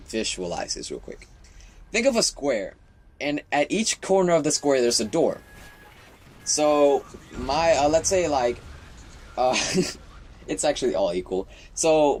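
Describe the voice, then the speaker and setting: A man's voice: medium pitch, slight background noise. A teenage boy vlogging, telling a childhood story in a rambling, profane way with laughs and restarts. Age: teens. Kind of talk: casual storytelling.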